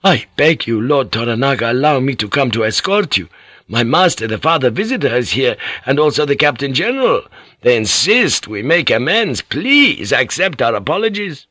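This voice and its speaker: A man voicing a male Jesuit priest acting as interpreter, who pleads and shouts in a raised voice in an audiobook reading. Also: mid-range voice, very animated, moderate pace, no echo, pitched above the performer's own voice. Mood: fawning pleading.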